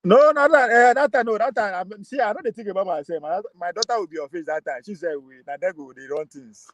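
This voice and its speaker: A Nigerian man with a high voice chats about politics, lively and laughing, moving between Pidgin and plain English. The sound is dry and close, with no room around it. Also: fast talker, dry recording. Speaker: political commentator. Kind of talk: casual political talk.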